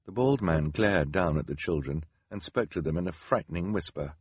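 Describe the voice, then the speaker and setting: A man narrates a storybook in a wry, measured way. His voice sits low with a husky grain, and the pitch moves in a lively way. The close-miked recording sounds dry. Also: dry recording. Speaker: audiobook narrator.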